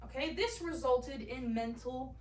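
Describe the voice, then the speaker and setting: A young woman giving a class presentation, halting now and then with fillers and restarts. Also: high voice, slight background noise. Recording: echoey room, mic at a distance.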